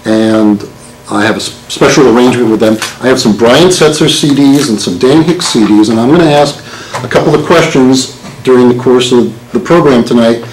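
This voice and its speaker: In a meeting hall before a live audience, a sixty-something lawyer jokes around and quizzes his listeners. He has a mid-range voice with a darkish tone and a brisk delivery, recorded with roomy hall acoustics and faint noise.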